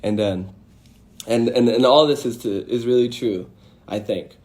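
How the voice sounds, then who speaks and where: A man's voice: medium pitch, measured pace, a little mellow. A man hosting a casual livestream, talking into a phone with emphatic rhetorical questions and blunt swearing. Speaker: host of an Instagram live. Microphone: phone mic.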